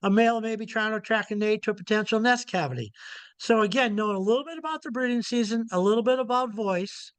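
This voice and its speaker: A middle-aged man lectures in a casual, folksy way, circling back to the same points. His voice sits high and sounds smooth and clear. The sound is dry and close, with no room around it. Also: fast, dry recording. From Montana. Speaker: owl researcher giving a presentation. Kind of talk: informal illustrated lecture.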